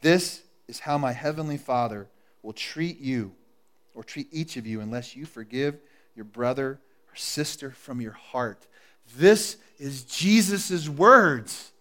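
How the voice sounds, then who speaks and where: A man preaching a sermon to his congregation, dropping to a hush and then rising to loud, emphatic appeals. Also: medium pitch, measured pace. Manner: swings from hushed and intimate to loud and emphatic, coaxing the congregation. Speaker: pastor. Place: church service before a congregation. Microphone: live sermon recording.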